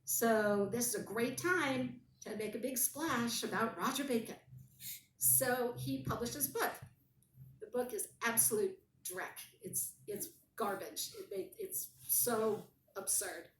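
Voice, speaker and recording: An animated woman tells a story in relaxed conversation, with dry, wry asides. Her voice sits at a middle pitch. She sounds some way from the mic, in a roomy space with a faint hum of ambience behind her. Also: slow pace, recorded from a distance. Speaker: guest.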